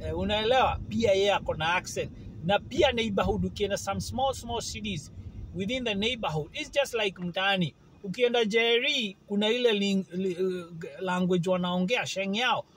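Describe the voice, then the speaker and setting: Male vlogger, high pitch, animated and casual, keeps checking in with the viewer. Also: moderate pace, a little hiss or hum, rough recording. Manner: animated, keeps asking if the listener follows. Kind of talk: casual chat to camera.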